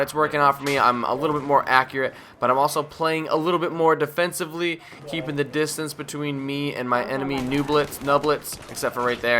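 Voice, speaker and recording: This is a man voicing casual commentary over a gameplay video. His voice is bright and sharp, and he rambles from thought to thought. He cracks jokes at his own expense. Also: mid-range voice, slight background noise. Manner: rambling, jokey, self-mocking; drowsy, yawning at times.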